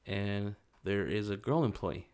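A man's voice: on the low side, unhurried, a little mellow, slight background noise. A young man casually telling a personal story, loose and rambling, full of fillers.

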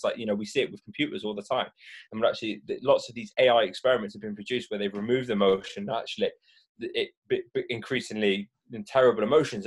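A man talking as a mindfulness speaker, explaining the brain's stress response in a lively way and acting out reactions with gasps. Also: medium pitch, slightly rough. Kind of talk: animated explanatory talk.

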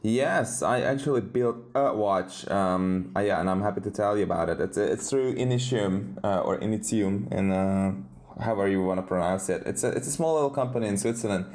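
A man co-hosting a podcast, talking in a relaxed way with hesitations. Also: lowish voice, a little fast. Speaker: podcast co-host. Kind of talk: casual chat.

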